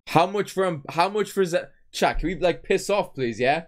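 Streamer, theatrical despair. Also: male voice, sits high, lively intonation, moderate pace. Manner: theatrical despair, swearing, repetitive. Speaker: gaming streamer. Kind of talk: live stream commentary to chat.

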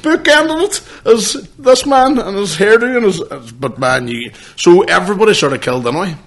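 A man's voice: sits high, animated, brisk, fairly bright tone. Man telling stories. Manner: swearing, laughing storyteller. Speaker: podcast host. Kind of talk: casual chat.

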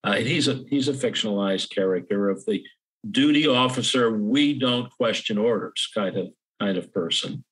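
An older man, an author guest, talking in a relaxed interview with frequent pauses and a self-deprecating humor. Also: lowish voice, breathy edge, rough recording. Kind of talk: casual interview chat.

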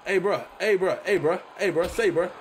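A young man playing a video game and commentating excitedly, repeating himself and shouting at the screen. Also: high voice, moderate pace, a crowd in the background. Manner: loud, repetitive, often shouting at the game. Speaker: gaming YouTuber. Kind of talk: excited let's-play commentary. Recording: noisy game audio behind.

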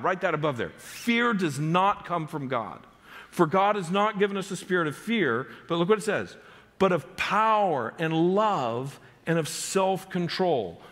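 Emphatic male pastor preaching in a hall. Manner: emphatic preaching with sharp rises and drops in pitch. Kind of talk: sermon. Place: church sanctuary. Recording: long church hall reverb.

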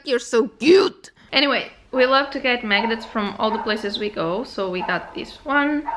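A young woman talks casually to her camera in a travel vlog, bubbly and gushing. Her voice sits a little high, and faint noise hums behind her. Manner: bubbly, gushing over souvenirs. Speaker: vlogger.

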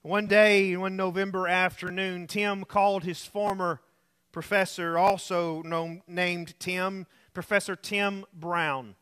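A man preaching a sermon, telling a story and dropping to a soft voice for emphasis. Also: sits high, steady tone, slow pace, clear, resonant tone. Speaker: pastor. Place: church.

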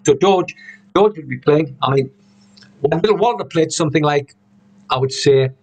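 A man's voice: on the high side, normal speed, darkish tone. A man giving a casual harmonica lesson over a video call, rambling with frequent restarts and "you know"s. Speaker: harmonica teacher. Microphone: video call computer mic.

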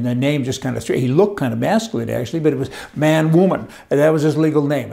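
A man's voice: mid-range voice, gravelly, warm tone. An older man, a commentary host, talking in a rambling, folksy monologue with chuckling asides.

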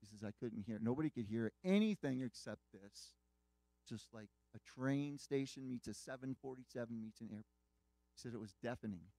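A man's voice: mid-range voice, a little fast, vocal fry, warm tone, no echo. A man preaching a sermon, earnestly retelling a dramatic story with quoted dialogue.

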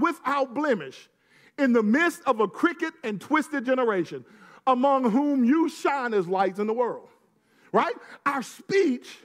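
A man's voice: very high-pitched, fairly bright tone. A man preaching a sermon as pastor, checking in with the congregation after every point and slipping in playful jokes. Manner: punctuates with call-and-response tags to the congregation; playful, joking asides.

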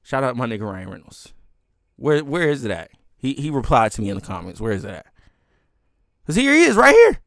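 Man, live stream rant, heated, lively pitch, dry close sound. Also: fairly quick, pauses often, dry recording. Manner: heated, swearing, laughing between lines.

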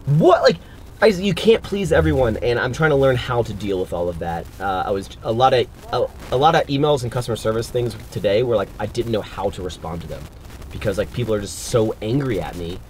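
A man's voice: fairly low pitch, animated, fairly quick, darkish tone, a little hiss or hum. Loose, profane young man vlogging. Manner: loose, profane, rambling with lots of "like". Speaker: fitness vlogger. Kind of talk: casual vlog chat.

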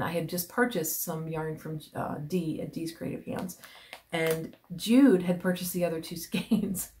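A woman vlogger chatting casually as she unboxes gifts on camera, gushing and often dropping into breathy whispers of delight, rambling with restarts. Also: fairly low pitch, darkish tone, a little hiss or hum. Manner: rambling with many restarts and fillers. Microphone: camera mic.

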